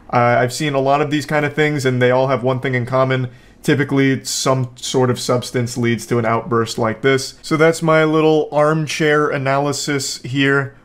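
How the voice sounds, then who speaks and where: A man's voice: mid-range voice, fairly bright tone. Sarcastic male commentator. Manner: sarcastic, joking, rambling asides. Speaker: video commentator. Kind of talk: casual reaction commentary. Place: home.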